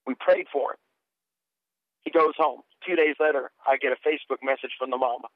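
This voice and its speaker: A man's voice: mid-range voice, steady tone, brisk, dry recording. A man who is a minister giving an impassioned, earnest testimony as a guest, telling emotional stories and speaking prophetic words to listeners. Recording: tinny phone-like dry sound.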